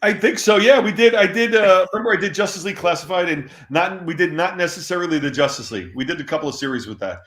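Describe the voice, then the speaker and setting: A man being interviewed, telling animated anecdotes and laughing often. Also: high-pitched, quick pace, few pauses. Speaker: interview guest. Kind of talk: storytelling in an interview. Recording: roomy echo.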